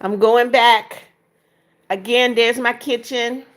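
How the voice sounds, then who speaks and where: A chatty woman with a slightly high voice talks casually into her phone on a livestream. She reads out viewer comments and answers them, walking through her apartment and pointing things out. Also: steady tone, takes it slowly. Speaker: livestream host. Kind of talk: casual livestream chat, reading comments aloud.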